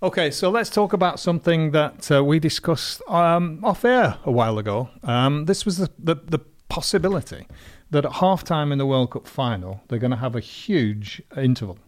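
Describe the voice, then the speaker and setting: A man's voice: a little high, lively intonation, normal speed. A man co-hosting a radio chat show, chatty, with frequent laughs and hesitant fillers. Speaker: radio co-host. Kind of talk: casual chat.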